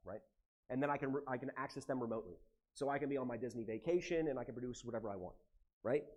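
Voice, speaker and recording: An animated, emotional American man giving a live seminar talk to a conference audience and swearing casually. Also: mid-range voice. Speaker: conference speaker.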